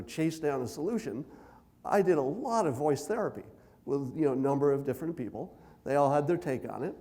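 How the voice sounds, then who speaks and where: A man giving a conference keynote speech, conversational with dry self-deprecating humor, deliberately speaking at a raised pitch. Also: mellow. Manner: loose, unhurried delivery with many fillers and asides.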